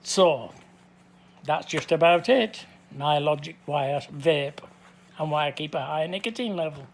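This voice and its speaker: Older man, slightly high voice, blunt, repetitive, casual vlog talk. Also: measured pace. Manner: blunt, plain-spoken, repeats his points. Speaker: vlogger. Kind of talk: casual monologue to camera.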